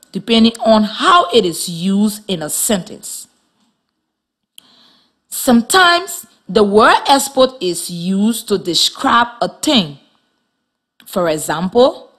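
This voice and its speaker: A woman teaching a children's reading lesson on radio in a slow, clear, instructive way. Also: medium pitch. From Liberia.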